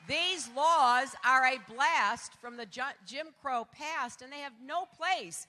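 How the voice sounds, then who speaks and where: Older female candidate, rally speech, bright and forceful, big hall reverb. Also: high voice, takes it slowly, some chatter behind. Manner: rousing, rising to shouts on key lines. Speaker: political candidate. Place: large rally venue. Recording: long echo of a large hall.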